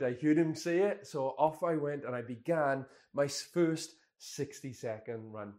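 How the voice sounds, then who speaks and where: Young guy, pastor spinning a self-deprecating story from the pulpit, mid pitch. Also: a little slow, few pauses, a little mellow. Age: 20s. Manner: candid, self-deprecating anecdote telling. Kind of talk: storytelling sermon.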